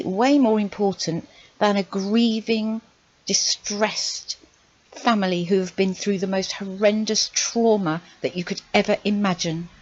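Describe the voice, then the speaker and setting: A woman's voice: mid-range voice, no room sound, highs cut off. A woman hosting her channel, commenting on clips with exasperated, sarcastic rhetorical questions. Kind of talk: reaction commentary.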